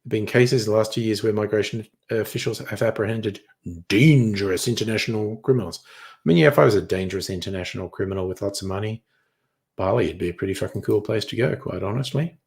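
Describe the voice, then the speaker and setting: A man's voice: lowish voice, quick pace, creaky, darkish tone. Sardonic man, casual chat. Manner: crude, sardonic and offhand, swears freely. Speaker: streamer. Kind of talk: casual chat reading headlines.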